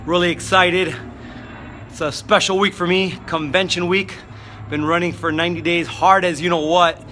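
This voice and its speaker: A man giving an energetic motivational vlog talk, fired up, with frequent fillers. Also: high voice, moderate pace, soft background music. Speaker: motivational speaker.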